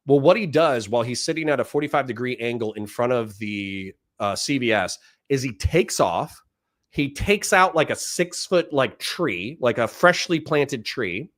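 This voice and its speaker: A young man, a former cop and podcast host, telling a story in a casual, animated way and now and then shouting out the lines he quotes. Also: mid-range voice, normal speed.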